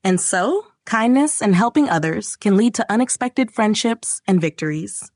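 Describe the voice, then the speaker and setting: Female narrator for a kids' bedtime story, gentle and expressive, mid pitch, dry close sound. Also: normal speed, no room sound.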